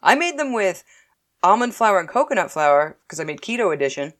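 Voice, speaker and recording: A woman chatting casually as a co-host, telling animated stories and laughing often. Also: mid-range voice, brisk. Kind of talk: casual chat.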